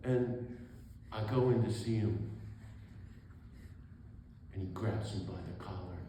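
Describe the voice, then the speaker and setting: A man's voice: fairly low pitch, takes it slowly, warm tone. A man in his sixties, a priest telling a story to an audience, acting out the people in it and laughing often. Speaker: Catholic priest and author speaking. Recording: very echoey hall, faint room noise.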